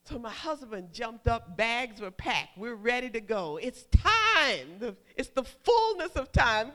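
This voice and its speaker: Lively woman preaching a story-filled sermon. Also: on the high side. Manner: animated storytelling, calls for amen, shouts acted quotes.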